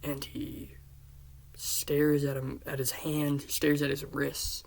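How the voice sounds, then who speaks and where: A man earnestly retelling the scenes of a story pitch he wrote, often dropping into hushed half-whispers. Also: completely flat delivery, slow, gravelly. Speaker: fan pitching a series.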